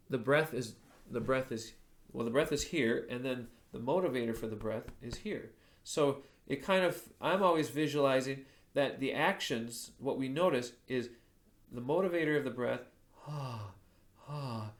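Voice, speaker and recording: A male voice teacher, stuffed up from allergies, explaining technique and breaking off to demonstrate vocal sounds. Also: mid-range voice. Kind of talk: spoken voice lesson with sung demonstrations.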